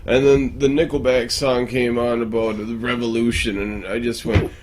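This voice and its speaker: A man with an ordinary mid-range voice hosts a podcast, telling crude stories at an easy, relaxed pace. A faint background hum of room ambience sits under his voice. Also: medium pitch, normal speed. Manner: laid-back storyteller, laughs often. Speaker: podcast host. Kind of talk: crude casual chat.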